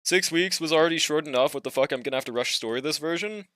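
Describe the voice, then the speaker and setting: A man's voice: on the high side, quick pace, a bit bright, no room sound. A young man streaming a game, chatting casually with viewers, slangy and laid-back, swearing and laughing often. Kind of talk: casual livestream chat while gaming.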